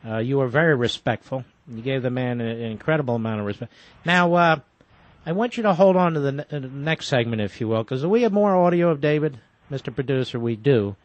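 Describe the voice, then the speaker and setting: A man's voice: medium pitch, animated, brisk, dry recording, muffled recording. A man hosting a talk radio show, speaking emphatically and interjecting often.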